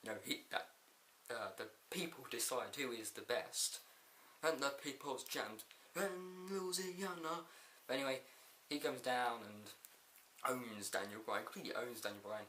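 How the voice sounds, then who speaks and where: A man's voice: mid-range voice, steady tone, normal speed, sharp tone, reverberant, a little hiss or hum. A man casually reviewing a wrestling show, laughing often and rambling through a recap with quoted lines.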